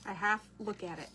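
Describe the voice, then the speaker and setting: A woman's voice: mid-range voice, sharp tone. Woman, casual crafting chatter, talks to viewers mid-project, faint clicks and noise behind. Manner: chatty, reads out and answers viewer comments while working. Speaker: craft creator. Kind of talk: casual crafting livestream chat.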